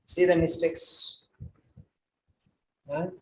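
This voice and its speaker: A man's voice: fairly high pitch, level tone, extremely slow. A man teaching an English writing class, giving a lecture and drilling instructions by repeating them again and again. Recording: echoey room.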